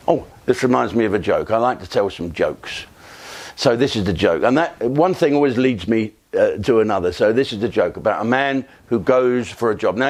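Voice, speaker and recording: A male comedian rambles through cheeky anecdotes in a loose, conversational style. His pitch is moderate but swings around animatedly. He sounds bawdy and unguarded as he builds up to the punchline. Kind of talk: rambling comic monologue.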